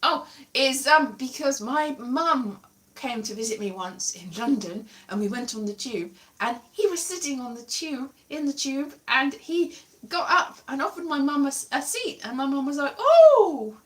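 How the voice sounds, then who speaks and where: A woman's voice: sits high, normal speed, a bit bright. A woman from Wales chatting casually on her livestream, rambling and correcting herself as she goes. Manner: chatty, digressive, self-correcting with frequent laughs. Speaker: livestream host. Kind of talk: rambling casual chat to viewers.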